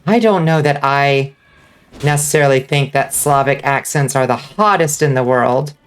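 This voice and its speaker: A woman's voice: rumbling low, moderate pace, clear, resonant tone. Profane, chatty woman streamer. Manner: chatty, profane, reacting to chat. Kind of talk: casual gaming commentary.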